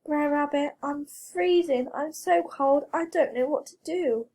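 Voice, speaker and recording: A woman's voice: sits high, unhurried, dark tone. A woman voicing a greedy, scheming male wolf in a storybook reading. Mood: shivering.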